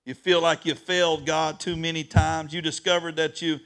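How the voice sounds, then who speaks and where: A man giving an emotional sermon as a pastor, swinging from hushed talk to loud, shouted preaching. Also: on the high side, flat delivery, normal speed.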